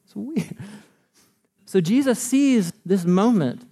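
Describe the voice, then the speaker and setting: A man with a fairly high voice delivers a sermon in a casual, conversational tone. He keeps it animated, swooping up and down and breaking into laughs often. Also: slow pace. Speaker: pastor.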